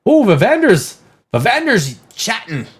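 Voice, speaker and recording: A male host on a live movie stream who reads out chat comments, swears freely and laughs a lot. His voice sits somewhat high for a man, and his pitch leaps all over the place as he riffs. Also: wildly swooping pitch, unhurried, husky. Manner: crude, rambling, laughs often, reacts to chat.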